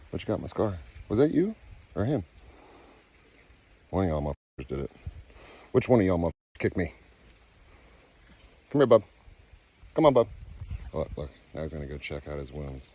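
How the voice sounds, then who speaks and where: Low-voiced, cussing man, casual vlog. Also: expressive, fairly quick, pauses often, warm tone. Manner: profane, loose, talks to animals in a coaxing tone. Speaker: animal keeper vlogger. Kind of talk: casual unedited vlog talk. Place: outdoors on a property with animals.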